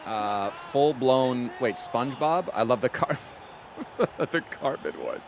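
A man's voice: medium pitch, lively intonation, takes it slowly, vocal fry, noisy background. A young man streaming games and chatting casually with his viewers in a laid-back way. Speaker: game streamer.

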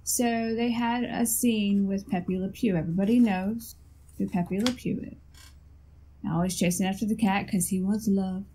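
A woman's voice: medium pitch, fairly even intonation, moderate pace, mellow, slight background noise, low-quality recording. A woman co-hosting a casual podcast chat, telling stories in a rambling way with lots of ums. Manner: rambling storyteller, many ums. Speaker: podcast co-host.

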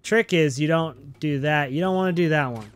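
A man's voice: a little high, normal speed, faint music behind. Upbeat man giving let's-play commentary. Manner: upbeat, chatty, playful, talks to viewers. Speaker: gaming channel host.

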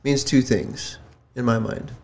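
A man co-hosting a podcast, chatting casually with quick interjections and questions. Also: medium pitch, darkish tone. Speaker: podcast co-host. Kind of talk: casual chat.

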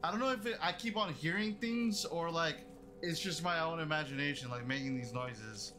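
A man's voice: fairly high pitch, moderate pace, noisy background. A young man streaming a horror game live, reacting with panicky, swearing exclamations. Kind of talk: live horror gameplay commentary.

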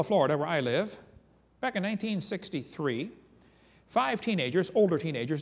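A man giving a creation seminar as a lecture full of dramatic storytelling, reading eyewitness accounts aloud with emphasis. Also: on the high side. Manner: animated, reads eyewitness quotes aloud with emphasis. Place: large hall or church. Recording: long reverb from a hall.

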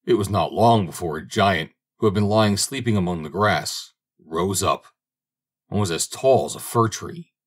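A man narrating a fairy-tale audiobook in a husky voice that sits on the low side. His delivery is steady and measured, telling the story plainly.

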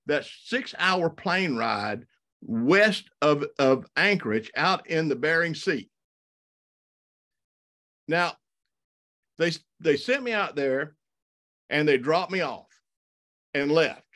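Man, Southern accent, fairly high voice, folksy, animated, storytelling talk. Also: takes it slowly, pauses often. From South Alabama and North Florida. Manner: folksy, animated, many restarts and repeated words. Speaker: wildlife photographer giving a talk. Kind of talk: storytelling slide presentation.

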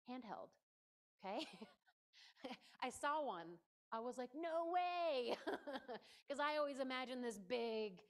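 Speaking at a fairly high pitch, a woman preaches a sermon in church with a chatty, playful, emphatic style, often breaking off to talk straight to the people listening.

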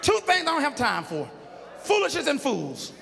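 A man preaches with a very high, gravelly voice, shouting his points and joking in everyday speech. His tone is forceful, and the live church recording carries a long hall echo with a faint congregation behind him. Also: wildly swooping pitch, moderate pace, a crowd in the background, noisy background. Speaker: pastor. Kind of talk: sermon. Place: large church sanctuary with a congregation.

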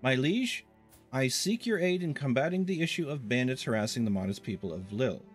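A man reading out a weary Norse jarl from a strategy game, formally pleading with his liege for aid. The delivery is plain and steady, with faint music underneath. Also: medium pitch, fairly quick, close to an everyday voice. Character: Norse male jarl petitioning his lord.

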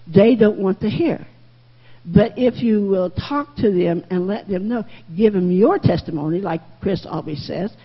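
In a church classroom, a woman teaches a Sunday school lesson in a husky, middle-pitched voice. She's folksy and candid and keeps circling back over her own phrases. The recording is muffled, with room echo that lingers.

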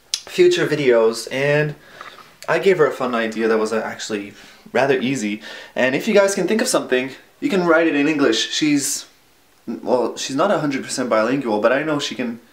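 Rambling young man in an echoey room. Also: medium pitch. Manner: rambling, self-deprecating, trails off with fillers. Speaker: vlogger. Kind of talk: casual rambling vlog. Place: alone in his room at home.

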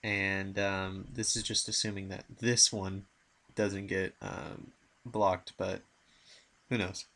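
Gravelly young man gaming. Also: low-pitched, flat delivery, slow pace, a bit bright. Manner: rambling, mumbling, playful asides. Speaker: gaming channel host. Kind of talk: casual gameplay commentary.

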